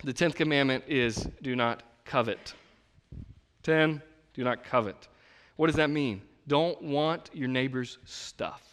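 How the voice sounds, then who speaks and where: A man in his thirties preaching a sermon in a conversational, animated way, acting out the voices of the people he quotes. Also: medium pitch, takes it slowly, clean tone. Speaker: pastor. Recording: long reverb of a large hall.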